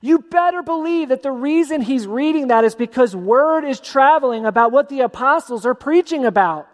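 A man preaching a sermon as a pastor, animated and acting out the voices of the people in his story. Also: very high voice, normal speed. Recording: long hall reverb.

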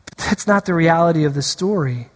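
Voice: mid-range voice, lively intonation, a little fast. Preacher giving a sermon, says the big lines twice, lots of long hall echo. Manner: repeats key lines for emphasis and engages the congregation.

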